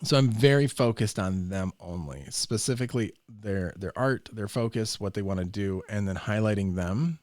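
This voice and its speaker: A young man, a podcast guest, telling a story in a loose, profane, animated way and acting out the voices. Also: on the low side, moderate pace, few pauses, no room sound, studio quality. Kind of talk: casual storytelling.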